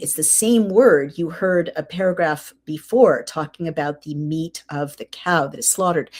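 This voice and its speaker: Slow, low-voiced woman reading and translating scripture. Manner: reads Hebrew verses aloud and translates phrase by phrase, with fillers. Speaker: podcast host. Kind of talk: casual Bible reading and commentary. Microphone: computer mic while screen sharing.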